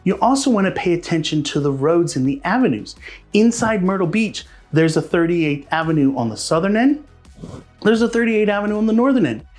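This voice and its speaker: A man's voice: sits high, big pitch swings, brisk, darkish tone, soft background music. A man from Pennsylvania, a realtor, giving friendly, chatty advice straight to camera in a casual vlog. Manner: friendly, chatty, addresses viewers as guys. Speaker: realtor and local vlogger.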